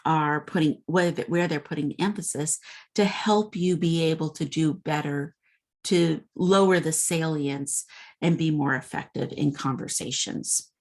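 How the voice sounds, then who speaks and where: A woman with a notably low voice gives an informal recorded lecture. She talks conversationally, with plenty of fillers and restarts as she explains. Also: measured pace, darkish tone. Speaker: instructor.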